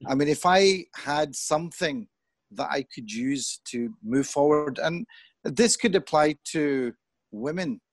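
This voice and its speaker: A middle-aged man talking in an earnest, thoughtful way as an interview guest. He grows animated when he quotes other people. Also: fairly high pitch, slow pace, no echo. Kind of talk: reflective conversation.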